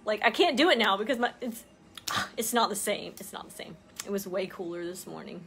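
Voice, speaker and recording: A woman co-hosting a crafting video, chatting casually and giggling through animated stories. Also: medium pitch, a little fast, vocal fry. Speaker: co-host of a crafting channel. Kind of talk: casual chat while crafting.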